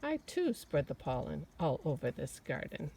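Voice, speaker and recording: A woman's voice: low-pitched, wildly swooping pitch, moderate pace, creaky, mellow, recorded from a distance, slight background noise, heavily acted. A woman voicing a bragging butterfly in a read-aloud picture book, mock-polite.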